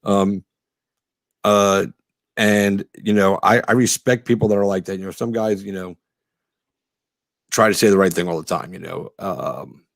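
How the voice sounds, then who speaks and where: Brief: laid-back man hosting a podcast, lowish voice, rambling delivery. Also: no echo, studio quality. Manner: relaxed, rambling, many fillers. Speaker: podcast host. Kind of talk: casual interview.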